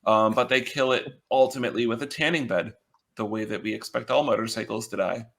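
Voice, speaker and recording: A man with a gravelly, fry-touched voice chats casually as a podcast co-host. He talks haltingly, filling gaps with ums and uhs, and keeps his humor dry and wry. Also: mid-range voice, fairly bright tone. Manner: hesitant, full of ums and uhs.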